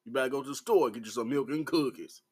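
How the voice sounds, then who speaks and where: A man in his forties with a Southern American accent, ranting bluntly and profanely to the camera in a slow, laid-back vlog. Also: medium pitch, breathy edge. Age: 40s. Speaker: vlogger.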